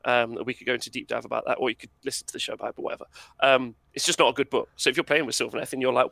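Male podcast guest, animated and emphatic, bright forceful tone, dry sound. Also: medium pitch, rapid-fire, gravelly, no echo. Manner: animated and emphatic, laughs often. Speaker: podcast guest, wargaming content creator. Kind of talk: casual podcast conversation.

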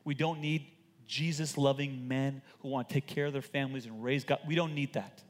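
A man preaching a sermon as a pastor, animated and emphatic with joking stories, in a large church auditorium. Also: mid-range voice, a little fast. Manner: animated, emphatic, jokey storytelling. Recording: long hall reverb.

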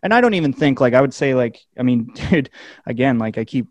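A man chats loosely on a podcast, circling back on himself and stressing his points. His voice is mid-pitched and sits very dry and close to the mic. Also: expressive, a little fast, a little mellow, no room sound, muffled recording. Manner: rambling, emphatic, swears casually. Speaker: podcast host. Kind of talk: casual chat.

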